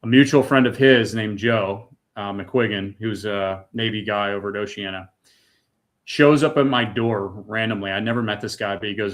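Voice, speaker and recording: A man's voice: lowish voice, normal speed. A middle-aged man from the United States giving an emotional personal testimony, earnest and raw, repeating words when moved. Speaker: guest.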